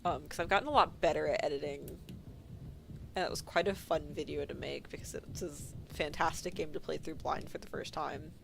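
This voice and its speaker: A woman streamer making soft, offhand asides while playing through a game. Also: deep voice, steady tone, fairly quick, creaky, background noise. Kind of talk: casual gaming commentary.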